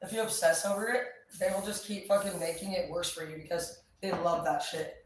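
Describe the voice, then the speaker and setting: A woman's voice: lowish voice, brisk, recorded from a distance. A woman rambles on in a loose, cheerful way, peppering her talk with swear words. She sits back from the mic, and her voice rings around a very echoey space. A faint hum of ambient noise stays under everything. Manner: chatty, profane, upbeat. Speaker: vlogger. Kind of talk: casual chat.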